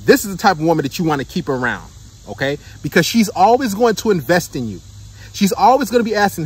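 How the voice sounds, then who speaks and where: Husky high-voiced man preaching dating advice. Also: sing-song, fast talker. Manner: emphatic, repeats points and checks in with "right?" and "okay?". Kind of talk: preachy monologue to the camera.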